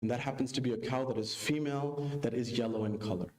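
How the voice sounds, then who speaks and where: A man giving a sermon, telling a story and acting out its dialogue with big pitch jumps. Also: quick pace, darkish tone. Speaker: preacher. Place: mosque hall. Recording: echoey mosque hall.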